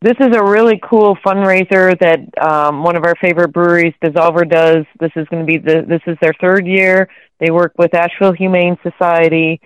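A woman's voice: lowish voice, steady tone, fairly quick, clear, resonant tone, no room sound. Friendly innkeeper woman on a dull line. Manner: friendly, matter-of-fact, brief agreements. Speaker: bed and breakfast innkeeper. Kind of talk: casual chat.

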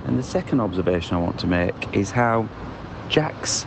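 A man co-hosting a podcast, giving wry, measured commentary in a voice note recorded outdoors in a city square. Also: on the low side, lively intonation, gravelly. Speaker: podcast co-host. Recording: noisy outdoor phone recording. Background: street and traffic noise.

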